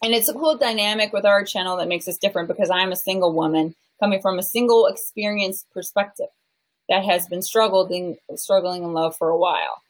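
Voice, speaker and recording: A woman's voice: medium pitch, fairly quick, poor audio. Chatty, joking woman in her thirties. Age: 30s. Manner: animated and joking, tangents, frequent "you know" and "like". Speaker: relationship coach, guest. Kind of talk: candid conversational interview.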